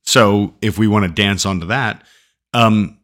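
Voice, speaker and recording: A man's voice: fairly low pitch, a little slow, a bit bright. A man in casual chat who teases a lot and laughs often. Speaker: podcast co-host.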